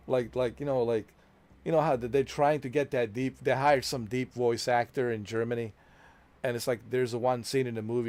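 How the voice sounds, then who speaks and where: A man's voice: medium pitch, steady tone, moderate pace, darkish tone. A man commentating casually over a story game, joking about dubbed films and laughing often. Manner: joking, mimics foreign accents and dubbing, laughs often. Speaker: gameplay streamer.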